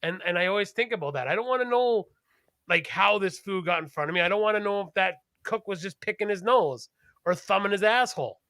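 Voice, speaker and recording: Man, podcast co-host, high voice, very bright, rambling, cursing, casual chat. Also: a little fast, no echo, studio quality. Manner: animated, rambling and profane.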